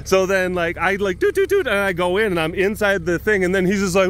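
A man's voice: high voice, animated, a little fast, hardly any pauses, a bit bright, slight background noise. A man vlogging outdoors at an animal sanctuary, telling a rambling story full of sound effects and laughs. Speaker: big cat sanctuary vlogger. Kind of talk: casual storytelling.

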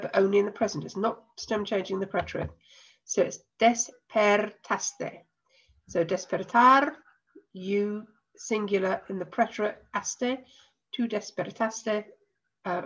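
A woman teacher with an English accent and a cold patiently explains a recorded lesson, slowing down to spell things out. Her voice is medium-pitched with a fairly bright tone, and the audio is dull.

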